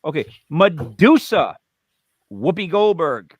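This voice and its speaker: A man's voice: a little high, big pitch swings, takes it slowly. A man co-hosting a live online talk show, joking and rattling off lists in casual banter with bursts of emphasis. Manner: playful, jokey, rattles off names with emphatic bursts. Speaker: podcast co-host.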